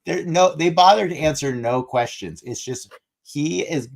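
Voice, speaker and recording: A man co-hosting a podcast, talking through a movie in a rambling, animated way with many restarts. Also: on the high side, moderate pace, vocal fry. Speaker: podcast co-host. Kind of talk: casual movie discussion.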